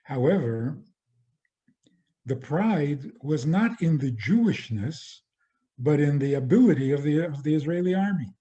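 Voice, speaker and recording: A male rabbi lecturing at a very slow, deliberate pace. His tone is mellow and dark. He talks in a measured way and often circles back to repeat a phrase. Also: on the high side, animated, highs cut off. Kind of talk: spoken lecture.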